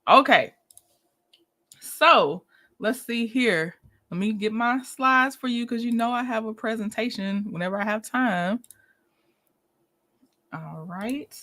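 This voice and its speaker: Livestream host, woman, bright and somewhat high voice, chatty, laughs easily. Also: slow pace, long pauses. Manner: chatty, greets viewers by name, laughs often. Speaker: livestream host reviewing a reality show. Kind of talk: casual livestream chat.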